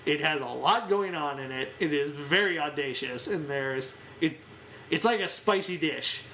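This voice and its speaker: A man co-hosting a casual film-discussion podcast, relaxed, laughing easily and searching for words. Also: a little high, normal speed, a little hiss or hum, poor audio. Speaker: podcast co-host.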